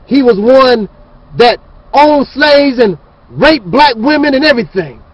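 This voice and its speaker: A man's voice: very high-pitched, lively intonation, measured pace, muffled recording. A man hosting his channel, ranting in a fiery, preachy and scornful monologue. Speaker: channel host.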